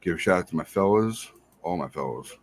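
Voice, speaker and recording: A married man hosting a podcast, giving casual, rambling shout-outs to listeners and repeating himself in a friendly way. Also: sits low, lively intonation, brisk. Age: adult, married. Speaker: podcast host.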